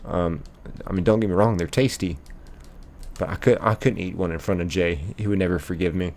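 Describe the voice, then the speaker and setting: A man's voice: deep voice, fairly quick, a little mellow. A young man, live-streaming a game and playfully reading viewer chat aloud, laughing often.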